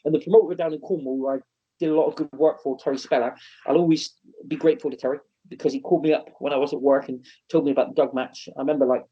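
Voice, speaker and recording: A man telling animated, self-mocking stories on a podcast, often restarting and laughing. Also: medium pitch, rapid-fire, slightly rough. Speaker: wrestler and wrestling promotion owner. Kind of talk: podcast interview storytelling. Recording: slightly muffled podcast audio.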